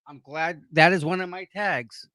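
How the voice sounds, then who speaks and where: A man's voice: on the high side, fairly even intonation, normal speed, bright, forceful tone, no room sound, clean studio sound. A man agreeing emphatically in a casual discussion.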